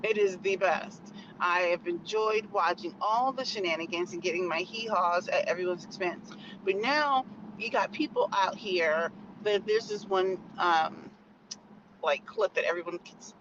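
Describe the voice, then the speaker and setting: Chatty American woman, muffled noisy recording. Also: on the low side. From United States. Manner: chatty, opinionated, rambling with many "like" fillers. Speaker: vlogger. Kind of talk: casual chat to camera.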